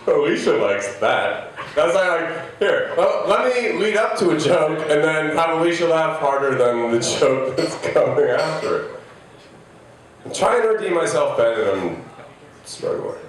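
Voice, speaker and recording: Stand-up comic, 30s, male, self-deprecating and rambling, lively pitch, echoey live room. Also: measured pace, slight background noise. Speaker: stand-up comedian. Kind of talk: stand-up set. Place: comedy club stage. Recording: echoey live venue, mic heard from a distance.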